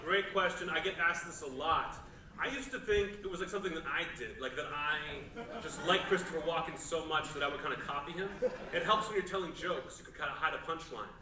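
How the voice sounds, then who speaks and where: Deadpan comedian in a roomy theater. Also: male voice, a little high. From Pittsburgh suburbs. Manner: deadpan, odd pauses, swears a lot. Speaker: stand-up comedian. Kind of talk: crowd-work Q&A on stage. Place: large theater. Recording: roomy, distant theater recording with crowd noise.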